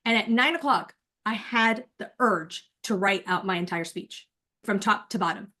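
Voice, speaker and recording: A woman in her forties, a nurse coach, chatting in an animated way straight to her listeners on a video call before rehearsing a speech. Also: medium pitch, moderate pace. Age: 40s. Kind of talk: casual chat, then rehearsing a speech.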